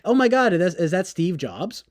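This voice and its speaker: A man's voice: high-pitched, sing-song, brisk, dry recording. A man streaming, talking casually in a sarcastic, mocking and rambling way.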